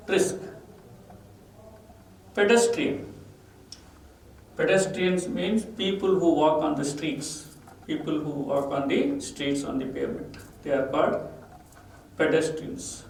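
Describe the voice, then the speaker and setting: Indian english teacher guy going thru vocab slowly, kinda high voice, really echoey room, mic a bit far off. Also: a little mellow. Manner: slow, repeats each word and its meaning with stress. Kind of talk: classroom vocabulary lesson. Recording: echoey room, voice off-mic, faint ambient noise.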